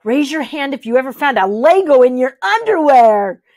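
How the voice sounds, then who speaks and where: A woman's voice: sits high, very animated, normal speed, darkish tone, dry recording, studio quality. A woman voicing a goofy, cheerful little schoolboy who talks in a silly, playful way. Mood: goofy boy.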